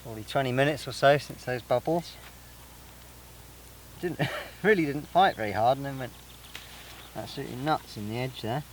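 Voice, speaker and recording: A man's voice: medium pitch, moderate pace, long pauses, a little hiss or hum, rough recording. A man from England filming a casual fishing vlog outdoors by a lake, chatting and explaining his tackle step by step. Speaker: angler vlogger.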